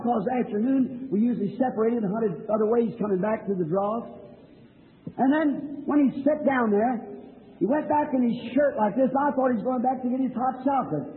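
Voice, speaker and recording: A male preacher with a strikingly high voice tells a folksy, earnest story that swells into fervent appeals. The sound is thin and phone-like, with a long reverb trailing off the walls of a hall. A faint hiss sits under it all. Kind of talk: sermon with storytelling. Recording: tinny, lo-fi old recording with long hall reverb.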